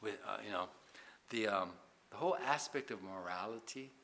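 A man preaching a sermon, asking the congregation many questions and swinging between loud emphasis and hushed passages. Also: on the low side, animated, moderate pace. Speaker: pastor.

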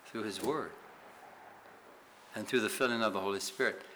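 A man's voice: fairly low pitch, moderate pace, fairly bright tone, a little hiss or hum, low-quality recording. A man teaching a Bible study in sermon style, emphatic, asking rhetorical questions and tagging points with "right?".

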